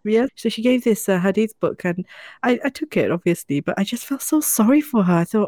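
A woman's voice: mid-range voice, a little fast, no room sound, clean studio sound. A woman telling a personal story in casual chat, acting out the voices of the people in it. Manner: animated, acts out quoted voices.

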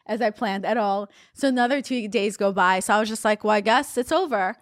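Chatty young woman guest, loose storytelling with sudden pitch leaps; dry, close recording. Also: brisk, dry recording. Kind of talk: casual storytelling.

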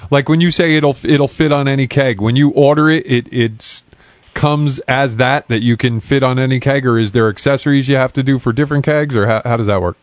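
A man's voice: mid-range voice, brisk, dry recording, lo-fi sound. A man hosting a casual podcast, chatty and laughing often, swearing casually. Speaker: podcast host.

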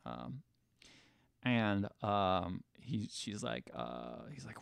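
A man's voice: on the low side, sing-song, very slow, gravelly, smooth, no room sound. A man co-hosting a casual movie podcast, retelling scenes loosely with quoted lines. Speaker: podcast co-host. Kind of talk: casual movie review chat.

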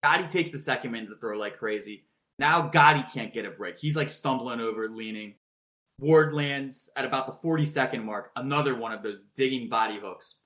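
A man on a podcast retelling a boxing match blow by blow, animated and swearing freely. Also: mid-range voice, brisk. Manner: animated, swears freely, acts out announcers' shouted calls. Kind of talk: casual storytelling chat.

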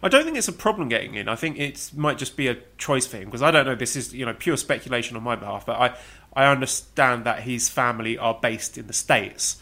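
A man on a casual podcast who works steadily through a list, weighing each option in a measured way. His voice is bright and clear at an ordinary pitch. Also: expressive. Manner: methodical, runs through lists, measured. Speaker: podcast co-host. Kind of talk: casual podcast chat about wrestling.

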